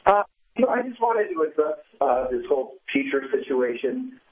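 A man's voice: fairly high pitch, sing-song, moderate pace. A man from the Boston area calling in to a radio show, earnest and fed up. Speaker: radio call-in caller. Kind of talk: call-in talk. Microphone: phone. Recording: tinny phone line.

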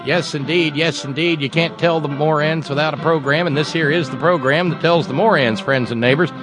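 A man voicing a showy, loud carnival barker with a sing-song, drawn-out hawking call. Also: fairly high pitch, steady tone, music in the background, voice pushed up, natural voice. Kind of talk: comic radio bit.

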